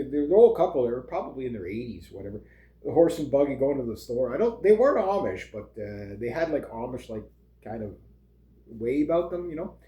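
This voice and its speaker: A middle-aged Canadian vlogger delivers a loose, rambling casual monologue, full of fillers and chuckling asides. His mid-range voice is mellow and darkish, and the room adds a noticeable echo.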